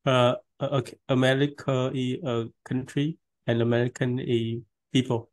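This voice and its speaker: A man's voice: medium pitch, flat delivery, normal speed, darkish tone, no echo. A man from Vietnam with a Vietnamese accent, a student speaking hesitantly and repeating words in an online English lesson.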